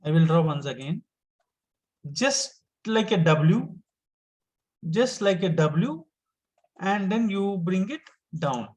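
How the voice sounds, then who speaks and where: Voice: mid-range voice, sing-song, slow, pauses often, a little mellow, low-quality recording. A teacher, giving an online lesson step by step and patiently repeating each point.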